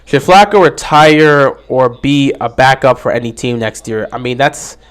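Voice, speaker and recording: A young man casually commenting on a football game during a livestream, answering viewers' questions with animated talk. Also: medium pitch, normal speed, smooth. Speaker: livestream host.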